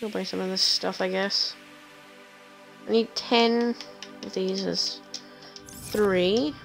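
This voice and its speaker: A woman's voice: medium pitch, fairly even intonation, slow, creaky. A young adult woman streaming a game, muttering her plans to herself as she plays. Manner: mutters to herself while playing. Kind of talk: casual gameplay commentary. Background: game music.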